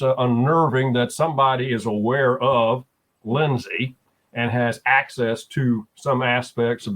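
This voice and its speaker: A man speaking in a voice of middle pitch, neither high nor low. He tells a story in a relaxed, conversational way, pausing with frequent fillers as he goes. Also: poor audio. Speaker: guest. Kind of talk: casual conversation.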